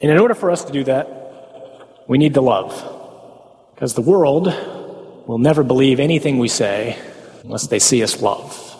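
A man's voice: medium pitch, expressive, normal speed, long pauses, a little mellow, long reverb tail. A man giving a conversational talk on the Mass to a parish group, asking rhetorical questions, tagging lines with "huh?" and slipping in folksy humorous asides.

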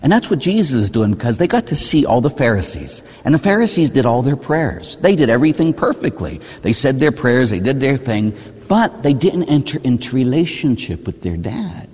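Lively priest preaching in a hall. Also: male voice, medium pitch, moderate pace, breathy edge. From United States. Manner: animated, rhetorical, tags with "huh?". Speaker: Catholic priest. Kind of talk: sermon. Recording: reverberant hall.

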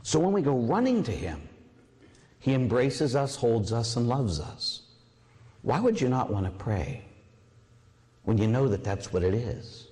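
Animated priest preaching in a reverberant hall. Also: male voice, mid-range voice. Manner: animated storytelling, acting out voices. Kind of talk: sermon.

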